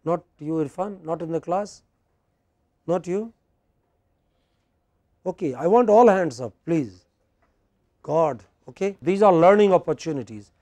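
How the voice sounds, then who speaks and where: A man's voice: a little high, expressive, measured pace, long pauses, dark tone, no echo. A man lecturing a class as a teacher, drilling pronunciation and checking in with questions.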